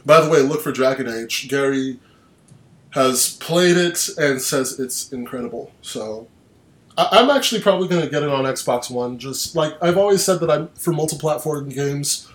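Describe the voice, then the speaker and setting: A man's voice: a little high, expressive, normal speed, reverberant. Guy hosting a chat over a call, rambles, sarcastic asides. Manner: rambling, restarts and sardonic asides. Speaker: podcast host. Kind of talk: casual chat. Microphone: online call.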